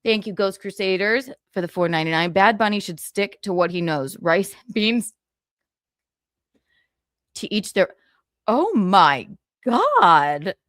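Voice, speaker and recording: A woman's voice: mid-range voice, moderate pace, pauses often, fairly bright tone, no echo, studio quality. A young adult woman hosting a casual livestream, chatting and giggling, swearing freely while she reads comments. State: tearful, choked up. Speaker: livestream host.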